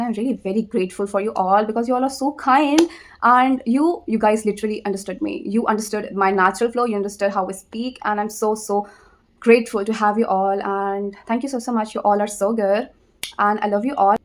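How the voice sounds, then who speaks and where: A young Indian-accented woman talks straight to her viewers in a loose, conversational vlog. Her voice sits at an ordinary middle pitch. She repeats phrases, pauses mid-thought and keeps checking in with a quick "okay?". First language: Hindi. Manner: repetitive, conversational, frequent tag "okay?", pauses to think. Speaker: vlogger. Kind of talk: casual advice vlog.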